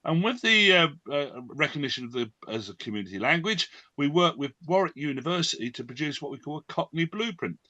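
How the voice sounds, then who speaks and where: A man's voice: fairly high pitch, sing-song, a little fast, hardly any pauses, sharp tone, no room sound. A man hosting an online event presentation, talking with lots of fillers and restarts. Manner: hesitant, many fillers and restarts. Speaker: host.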